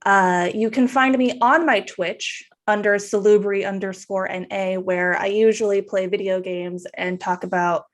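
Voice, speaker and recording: A woman introducing herself as a player in a tabletop game stream, talking in a loose, chatty way. Her voice sits at a middling pitch. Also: steady tone, measured pace, few pauses. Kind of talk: casual introduction chat.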